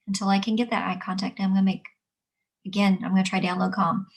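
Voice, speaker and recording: A woman teaching adults about guiding upset children, explaining calmly and repeating her key points. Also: medium pitch, fast, gravelly. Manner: calm, repetitive, explanatory. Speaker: early childhood trainer. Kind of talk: instructional talk.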